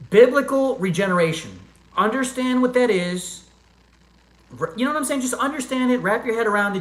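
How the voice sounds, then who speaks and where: A man's voice: fairly bright tone, echoey room, low-quality recording. A man hosting a live chat stream, talking earnestly and directly to viewers and calling them brother and man. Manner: earnest, talks straight to chatters, calls them brother and man; reads chat comments aloud in a low mumble. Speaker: livestream host answering chat.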